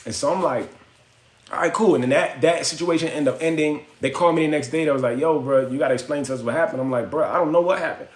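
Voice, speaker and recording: A man's voice: on the high side, fast talker. A man hosting a phone livestream, telling a story in casual slang and acting out the voices of the people in it. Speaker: livestream host. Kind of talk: casual storytelling to live chat. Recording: echoey room.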